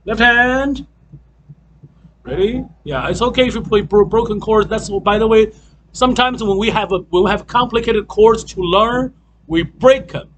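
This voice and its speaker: A man's voice: high voice, normal speed, a little hiss or hum, low-quality recording. A man teaching a group piano class, counting in and chanting the beats aloud between loose, restarting explanations.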